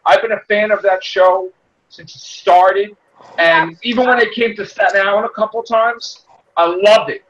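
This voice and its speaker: A man hosting a casual group chat, excitable, breaking into loud shouts and laughter. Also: high voice, moderate pace, muffled recording. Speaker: podcast host.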